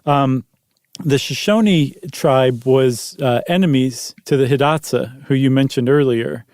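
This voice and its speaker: A man's voice: mid-range voice, a little slow, darkish tone, dry recording. A man co-hosting a podcast in casual chat, easygoing with dry teasing and frequent ums. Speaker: podcast co-host.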